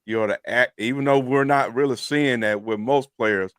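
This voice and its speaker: A man co-hosts a sports talk show, making his points bluntly and hammering them home by repeating them. His voice is mid-pitched. The recording is close and dry. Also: normal speed, fairly bright tone, clear, resonant tone, no room sound. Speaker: podcast co-host. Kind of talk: casual sports chat.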